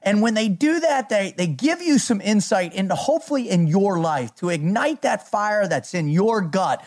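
A man's voice: high-pitched, animated, moderate pace, a little mellow. A middle-aged man hosting a podcast, talking in a hyped, motivational way and laughing often. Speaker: podcast host. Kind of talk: energetic podcast chat.

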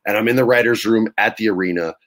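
A man as an interview guest, telling casual stories in an animated way with swearing and laughter. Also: fairly low pitch, fast talker. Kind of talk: casual storytelling.

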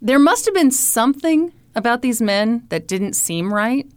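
A woman's voice: on the high side, measured pace, dry recording. A woman from Kansas City tells a story as a podcast co-host, her voice rising and falling with a lot of life. She jokes along the way and slips into playful voices for the people in it. The sound is close and dry. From Kansas City, Missouri. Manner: animated, jokey, quotes people in playful voices. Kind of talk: casual storytelling chat.

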